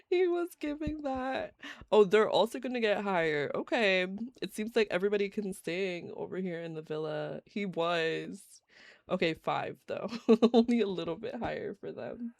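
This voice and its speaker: A woman's voice: medium pitch, lively intonation, unhurried, vocal fry, dry recording, clean studio sound. A woman streamer giving casual, giggly commentary on a life-simulation game while she plays live. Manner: chatty, giggly, reacts to gameplay. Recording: faint game music behind.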